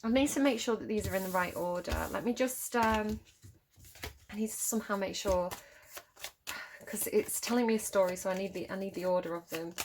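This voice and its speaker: A woman's voice: medium pitch, a little fast, a little mellow, slight background noise. Chatty woman reading tarot. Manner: chatty, laughs often, restarts phrases. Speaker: tarot reader.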